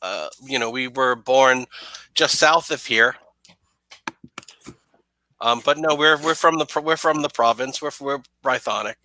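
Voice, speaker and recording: A man voicing a polite, calm young temple keeper in a mask. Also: medium pitch, unhurried, pauses often, dry recording, low-quality recording.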